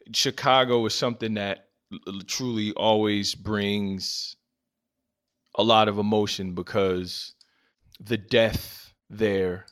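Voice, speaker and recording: A man's voice: lowish voice, steady tone, slow, long pauses, fairly bright tone. Impassioned man telling hard stories. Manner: earnest, emphatic, repeats phrases for stress. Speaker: podcast guest, advocate. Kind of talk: impassioned personal storytelling.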